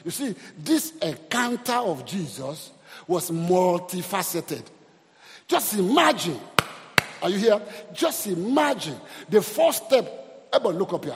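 A male pastor preaching an animated sermon and calling out for responses from the congregation. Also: high voice, measured pace, in a large hall.

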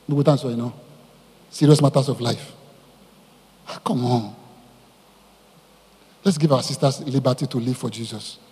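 Husky-voiced preacher in an echoey hall. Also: male voice, medium pitch. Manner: animated preaching, asks the congregation questions. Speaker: pastor. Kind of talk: sermon. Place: church hall.

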